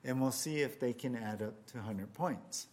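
A man voicing a cheerful Saint Peter who hands out points in a bright, upbeat voice. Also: mid-range voice, moderate pace, lightly acted. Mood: breezy. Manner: upbeat, breezy.

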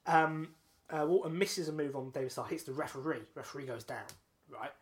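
A man co-hosting a podcast, telling a long story in casual chat, excitable and full of restarts and laughs. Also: a little high, a little fast. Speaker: podcast co-host.

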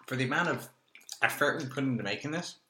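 A man making dry, deadpan remarks in casual chat over a meal. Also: medium pitch, fast talker, echoey room, a little hiss or hum.

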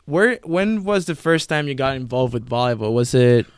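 A man's voice: mid-range voice, lively intonation, moderate pace, smooth, no room sound. A man hosting a volleyball podcast, introducing his guest and asking questions in friendly casual chat. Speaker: podcast host.

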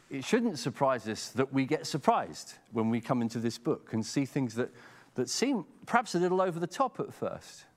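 A middle-aged Englishman with an English accent preaching a sermon in a conversational way, often repeating words as he starts a sentence. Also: mid-range voice. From England.

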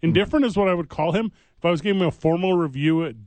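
A man co-hosting a sports radio show, bantering casually with sarcastic, quick rants. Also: a little high, darkish tone, no echo, poor audio.

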